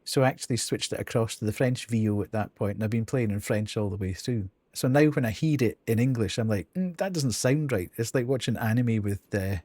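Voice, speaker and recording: A man's voice: fairly low pitch, a little fast, few pauses, a little mellow, dry recording. A man streaming a video game live, thinking aloud as he counts and reads out menu options. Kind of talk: casual live gameplay commentary.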